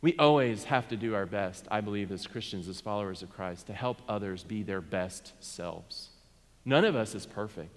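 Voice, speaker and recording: In a reverberant church sanctuary, a pastor with a lowish voice preaches at a moderate pace. He talks directly with his congregation and asks them to respond.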